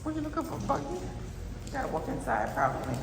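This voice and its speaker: A woman vlogger chatting casually to her viewers in an animated, exclamatory way. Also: high voice, fairly quick, heavy background noise. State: emotional, close to tears. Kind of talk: casual vlog chat.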